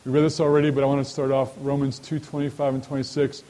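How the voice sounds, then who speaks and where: A man's voice: medium pitch, monotone, fast, hardly any pauses, warm tone, rough recording. A man leading a sermon-style Bible study, who often asks his listeners rhetorical questions and speaks to them directly. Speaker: Bible teacher.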